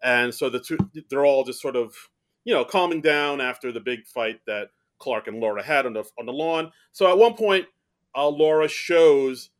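A man's voice: mid-range voice, lively intonation, normal speed. A man co-hosting a casual film review podcast, recapping the plot in a rambling way with many fillers. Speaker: podcast co-host.

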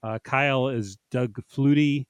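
A man's voice: mid-range voice, steady tone, measured pace, clear, resonant tone, dry recording. A man co-hosting a podcast, chatting casually about comedy sketches and laughing often as he acts out lines. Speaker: podcast co-host.

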